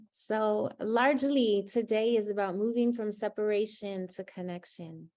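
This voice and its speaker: A woman facilitating an online workshop on a video call, inviting participants gently with frequent pauses and fillers. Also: mid-range voice, dry recording.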